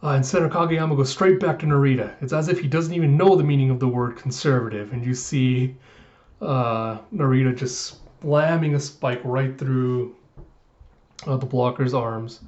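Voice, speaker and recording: A man recapping a comic chapter in casual chat, rambling and hesitant with many pauses. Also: mid-range voice, fairly even intonation, darkish tone, dull audio. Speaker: manga reviewer.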